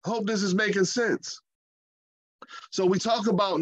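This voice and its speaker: A man preaching a sermon in a lively, conversational way, with playful asides. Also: sits high, moderate pace, no room sound.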